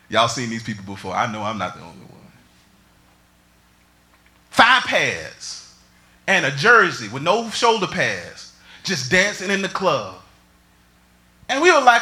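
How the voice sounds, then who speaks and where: High bright preacher guy, shouts then drops way down soft. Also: huge pitch swings, slow pace, long pauses. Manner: preaching with shouts and sudden drops to near whispers. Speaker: pastor. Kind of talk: sermon.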